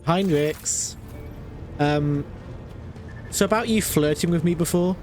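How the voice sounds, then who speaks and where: A British man streams a game and chats casually, ranting and laughing often. His voice is a little high and darkish, he speaks slowly, and faint music plays behind him.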